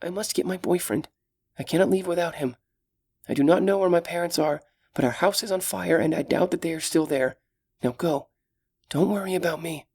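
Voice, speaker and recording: A man voicing a frightened but brave young female elf in an audiobook, speaking in urgent, hushed tones. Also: a little high, brisk, vocal fry, breathy edge, voice pushed up. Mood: pleading. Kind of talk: audiobook character voice.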